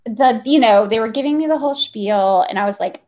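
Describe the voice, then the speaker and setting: A woman's voice: on the high side, a little fast. Woman telling a story with candid swearing. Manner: animated, profane, full of fillers. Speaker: guest journalist. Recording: slightly dull lo-fi audio.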